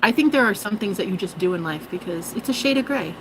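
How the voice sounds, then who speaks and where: A woman's voice: medium pitch, expressive, fast, noisy background. Rambling, self-mocking woman vlogger. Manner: joking, swearing, self-mocking. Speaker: spiritual vlogger. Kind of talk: rambling casual monologue.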